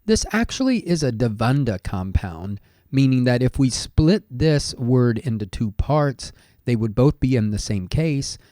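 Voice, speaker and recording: A man teaching an ancient language in a measured, scholarly way, thinking aloud with small pauses as he explains each word. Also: medium pitch, sing-song, mellow, no echo, studio quality. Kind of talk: explanatory lesson monologue.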